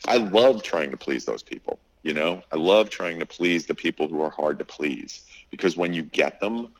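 A deep-voiced man speaks at a normal speed on a low-quality recording. He is a middle-aged restaurant owner sharing a story in an informal interview, acting out people's words with plenty of fillers.

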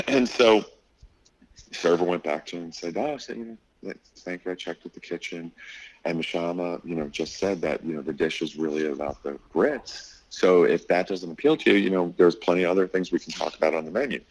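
A middle-aged man with a very low, deep voice tells a story from his restaurant in a relaxed interview. He acts out the other people's lines and fills his talk with "you know" and "like". The sound is dry and close. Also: brisk, no echo, low-quality recording. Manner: animated storyteller, acts out quotes, many fillers. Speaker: restaurant owner.

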